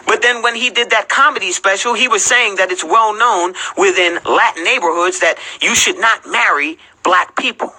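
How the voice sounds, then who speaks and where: A man's voice: sits high, moderate pace, few pauses, sharp tone, low-quality recording. A man ranting on a livestream, confrontational and profane, firing off rhetorical questions. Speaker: livestream host.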